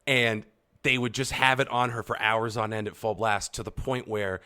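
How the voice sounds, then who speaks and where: Deadpan male podcast co-host. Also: lowish voice, normal speed. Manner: meandering deadpan storyteller. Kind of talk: casual comedic podcast chat.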